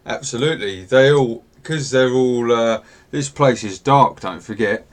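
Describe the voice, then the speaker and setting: A man's voice: mid-range voice, measured pace. A man running a tabletop game as game master, easygoing and a little hesitant, filling gaps with "uh".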